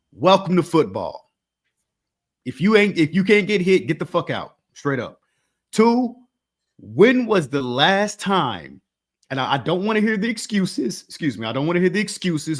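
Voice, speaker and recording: A man co-hosting a sports podcast in casual chat, blunt and emphatic, with some swearing. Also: on the high side. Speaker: podcast co-host.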